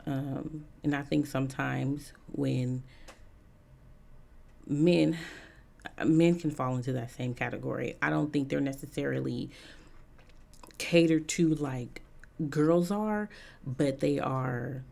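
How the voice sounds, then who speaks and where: A woman's voice: rumbling low, vocal fry, darkish tone. A woman giving a casual opinion monologue as a vlogger, frank and chatty with many "um" fillers and repeated points for emphasis.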